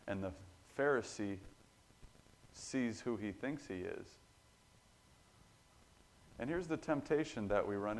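Earnest lowish-voiced male preacher. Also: a little hiss or hum. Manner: earnest, emphatic, swells louder on key points. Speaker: pastor. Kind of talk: sermon.

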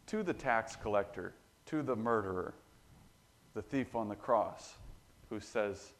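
A man preaching a sermon in an earnest, emphatic way, getting louder on his key points. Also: fairly low pitch, lively intonation, normal speed. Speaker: pastor.

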